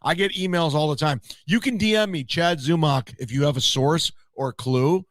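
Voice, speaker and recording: A man's voice: a little high, moderate pace, no room sound. Smug man teasing gossip scoops. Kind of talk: casual stream chat.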